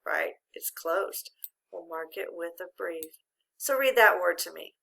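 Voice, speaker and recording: A woman's voice: on the low side, expressive, measured pace, gravelly, fairly bright tone. A middle-aged woman teaching a patient, encouraging phonics lesson to a child. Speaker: reading teacher.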